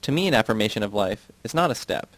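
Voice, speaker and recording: A man reading a novel aloud in a measured, earnest way. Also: on the low side, big pitch swings, fairly bright tone, no echo. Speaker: audiobook reader.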